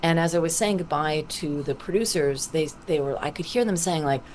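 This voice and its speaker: Low-voiced woman telling lively stories. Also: fairly quick, slight background noise. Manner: lively anecdotal storytelling with acted-out quotes. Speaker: voice actor guest. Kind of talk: podcast interview. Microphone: video call.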